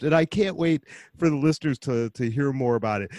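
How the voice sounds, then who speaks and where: A man hosting an interview show, enthusiastic and energetic as he introduces guests and asks questions. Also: medium pitch, brisk, no room sound. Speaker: podcast host.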